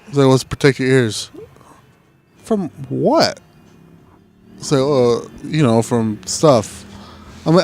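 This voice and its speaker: This young podcast co-host talks at a medium pitch, slowly and with long pauses, over a faint hiss or hum. His casual chat is profane, and he brings his stories to life by performing the quoted lines.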